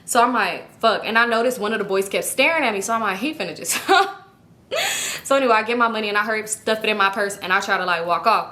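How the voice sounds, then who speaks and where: A woman telling a storytime vlog in a casual, animated, profane way, with chatty asides to her viewers. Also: mid-range voice, fast talker. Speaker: YouTube storyteller.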